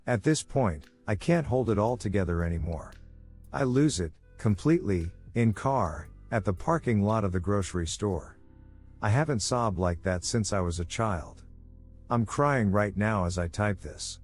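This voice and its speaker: A man narrating an online story aloud at a steady reading pace. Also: lowish voice, a little slow, faint music behind.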